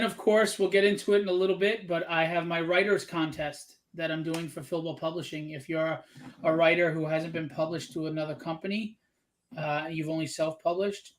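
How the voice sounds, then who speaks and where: High-pitched guy hosting a live draw stream, jokey and chatty, keeps plugging his book. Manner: chatty, joking, promotes his book between tangents. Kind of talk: casual live-stream chat.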